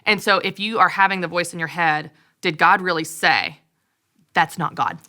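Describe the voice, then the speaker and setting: A woman's voice: on the low side, moderate pace, sharp tone. A woman hosting a faith-based podcast conversation, speaking in an encouraging, emphatic way and often affirming her guest. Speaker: host.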